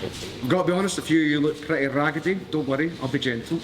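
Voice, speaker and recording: A Glaswegian man with a broad Scottish accent teaches a live martial arts class on a training mat, joking, cheeky and swearing freely. His voice sits on the high side and he talks fast. The sound is of a large hall, with a crowd audible behind him.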